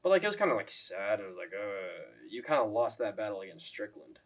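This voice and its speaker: A young man rants casually on his MMA commentary YouTube channel, ranking fighters with frequent swearing, lots of "like" fillers and mocking impressions. His voice sits lowish, with big pitch swings and a brisk delivery.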